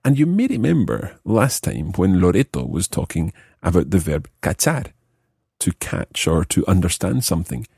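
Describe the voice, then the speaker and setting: Male podcast language teacher, low husky voice, dry close mic, patient explainer. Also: big pitch swings, mellow, dry recording. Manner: explains slowly, repeats example phrases.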